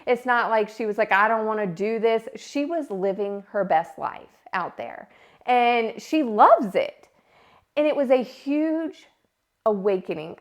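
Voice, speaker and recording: A woman in her thirties hosting a podcast, telling a personal story in a casual, animated way. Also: fairly high pitch. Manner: animated, acts out her own yelling and quotes. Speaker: podcast host.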